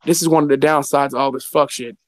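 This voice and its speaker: A man's voice: medium pitch, steady tone. A man ranting heatedly about boxing, profane and fired up. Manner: profane, fired-up, talks fast. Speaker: guest commentator.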